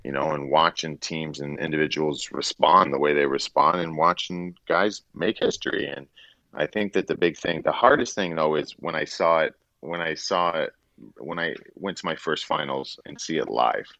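Middle-aged man, very low voice, rambling storyteller, dry, slightly dull audio. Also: moderate pace, no room sound. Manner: rambling, animated anecdote telling with acted-out quotes. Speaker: guest, former hockey player turned broadcaster. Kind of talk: casual storytelling in an interview.

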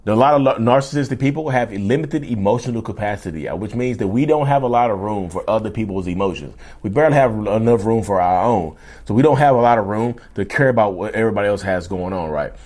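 A man hosting his own podcast in a casual, animated solo monologue, often repeating and restarting himself as he goes. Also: on the low side, fast, hardly any pauses. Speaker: podcast host.

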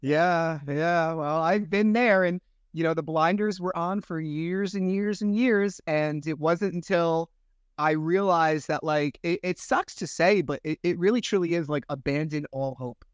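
Podcast host, male, slightly high voice, chatty and animated, dry close sound. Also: unhurried, clear, resonant tone, no room sound. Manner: chatty, animated storyteller with fillers. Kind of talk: casual podcast chat.

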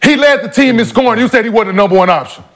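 Mocking man with a very high voice. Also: expressive, very fast, a bit bright. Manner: mocking, profane, laughing jabs. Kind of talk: heated casual debate.

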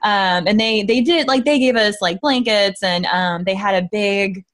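A woman answers interview questions in a loose, rambling way, filling her pauses with "um" and "like." Her voice sits at an ordinary middle pitch. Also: fairly bright tone. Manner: chatty, rambling, many fillers. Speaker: actress guest. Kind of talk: casual interview chat.

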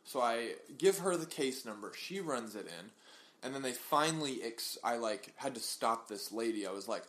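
A man's voice: medium pitch, animated, normal speed, fairly bright tone. A young man co-hosting a podcast, telling a long story in casual chat and acting out the people in it. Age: young adult. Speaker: podcast co-host.

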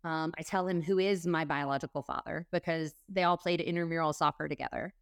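A woman's voice: low-pitched, steady tone, brisk, smooth, dry recording, clean studio sound. A woman guest in a conversation, telling a personal story earnestly, with a rush of quoted dialogue.

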